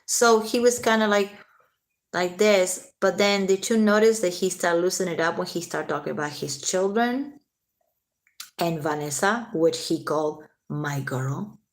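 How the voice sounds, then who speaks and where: A woman's voice: fairly low pitch, unhurried. A woman hosting a casual late-night livestream, chatting with viewers, answering their comments and swearing freely.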